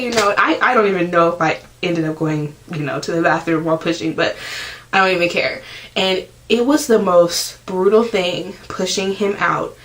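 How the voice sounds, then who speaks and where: A young woman talks to her camera in a loose, chatty vlog. She leans on "like" constantly and jumps into loud bursts when she acts out her own screams. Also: medium pitch, rough recording. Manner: chatty, fills every pause with "like". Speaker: vlogger. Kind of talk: casual storytelling to camera.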